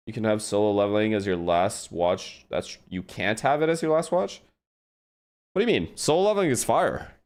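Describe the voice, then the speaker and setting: A man's voice: fairly low pitch, normal speed. A man in casual, rambling chat, hosting a watch party and talking to his stream chat; his first language is Gujarati. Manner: rambling, animated, swears casually.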